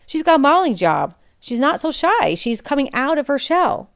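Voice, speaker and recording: A woman's voice: sits high, sing-song, normal speed, dry recording, clean studio sound, pitched above the performer's own voice. A woman voicing a kind teenage boy who speaks up for a friend. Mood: reassuring. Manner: reassuring.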